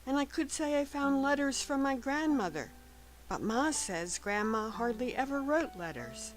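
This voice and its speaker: Woman narrating a story over soft music. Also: on the high side, poor audio. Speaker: audiobook narrator. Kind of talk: scripted first-person story narration.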